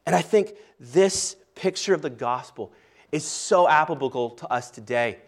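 A man preaching a sermon, reading scripture aloud and slowing down and softening his voice to stress key points. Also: a little high, animated. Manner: earnest preaching, slows and softens for emphasis. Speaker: pastor.

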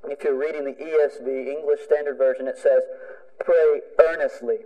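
A man's voice: medium pitch, steady tone, normal speed, warm tone, long reverb tail, rough recording. A man preaching a sermon as a pastor, emphatic, driving home points with repeated phrases.

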